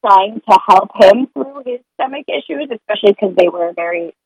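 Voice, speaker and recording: A woman talks through parenting advice in a loose, conversational way, circling back on her words. Her voice is slightly husky and sits in a middle range. The sound is dry and close, with no room echo. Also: medium pitch, lively intonation, normal speed, muffled recording. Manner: earnest, rambling, acts out sing-song parent scripts. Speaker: parent sharing potty-training experience. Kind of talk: casual podcast conversation.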